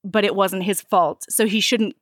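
A woman co-hosting a casual chat, recapping a story with quick acted-out lines and some swearing. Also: mid-range voice, dry recording, clean studio sound. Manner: animated, swearing, acts out lines in quick voices. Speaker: podcast co-host.

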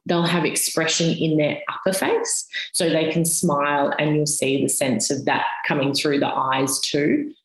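A woman, a physiotherapist guest on a podcast, explaining things step by step with everyday comparisons. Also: low voice. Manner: patient step-by-step explaining with analogies. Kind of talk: explanatory interview talk. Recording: roomy echoey sound.

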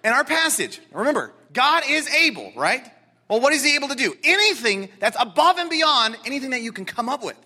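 A man preaching a sermon to a congregation in an animated, emphatic way, repeating words for stress. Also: extremely high pitch, brisk. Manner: excitable, talks directly to congregation. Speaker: pastor.

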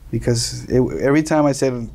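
A young man from Colombia, a native Spanish speaker, telling casual stories as an interview guest, animated and laughing often. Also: medium pitch, fairly quick. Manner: animated, laughing, acts out quoted voices. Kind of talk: casual storytelling.

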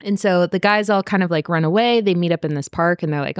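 A woman co-hosting a podcast, recapping a TV show in casual chat, animated, laughing and swearing as she acts out the characters. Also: fairly low pitch, fast, hardly any pauses, dry recording, clean studio sound. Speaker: podcast co-host.

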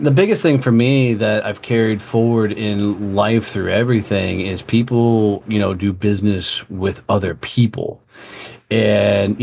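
A man's voice: lowish voice, darkish tone, a little hiss or hum. A man guest telling a blunt, profane story in a casual interview. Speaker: guest, entrepreneur.

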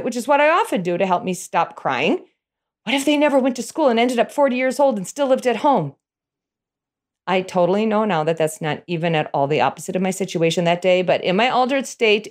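A middle-aged woman telling a personal story in an animated way, chuckling as she goes. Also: medium pitch.

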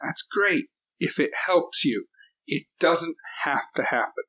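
A man in casual podcast chat, giving measured advice to new tabletop players. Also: on the high side, animated, bright, forceful tone, rough recording. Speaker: podcast co-host, tabletop gamer.

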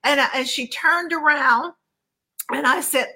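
A woman gives her personal faith testimony as an interview guest, speaking earnestly and with measure, often repeating words while searching for the right ones. Her voice sits high, pushed and bright, and the recording quality is low.

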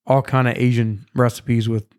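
A man's voice: mid-range voice, level tone, moderate pace, a little mellow, clear, resonant tone. A man hosting a podcast, chatting casually, joking and swearing freely. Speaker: podcast host. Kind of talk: casual chat.

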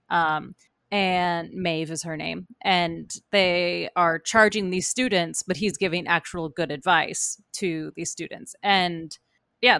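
A woman co-hosting a podcast, chatting casually and animatedly about TV shows with quick asides. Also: fairly low pitch, fairly bright tone, clear, resonant tone, dry recording, clean studio sound. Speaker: podcast co-host.

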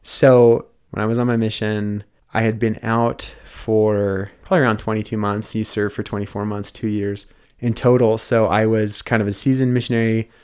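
A man's voice: fairly low pitch, flat delivery, moderate pace, darkish tone, smooth. A man in his thirties, a podcast host taking the guest seat, telling his story in an earnest, casual way with frequent restarts.

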